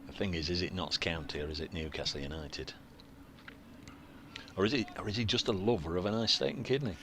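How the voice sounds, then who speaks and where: A man's voice: low-pitched, a little fast, fairly bright tone, slight background noise. A man chatting as cricket co-commentator, rambling and jokey with many restarts. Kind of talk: casual commentary chat.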